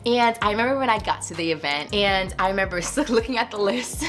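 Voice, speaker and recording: A young woman vlogger telling a personal story in a casual, animated way, filling her talk with "like" and "you know" and acting out what others said in a higher voice. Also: fast, hardly any pauses, faint music behind. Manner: animated, acts out quotes in a higher voice; casual, many likes and you knows. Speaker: YouTube creator.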